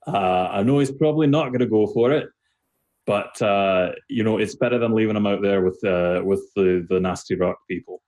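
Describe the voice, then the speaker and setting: A man's voice: fairly low pitch, normal speed, darkish tone, close to an everyday voice, poor audio. A man voicing an earnest male dwarf adventurer who hesitates with many ums and uhs.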